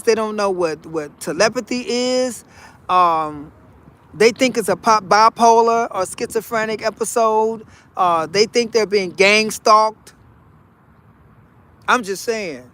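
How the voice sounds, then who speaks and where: High-voiced man preaching folksy wisdom. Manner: folksy, repetitive, calls viewers honey and y'all; animated, preachy. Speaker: vlogger. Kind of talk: casual spiritual monologue.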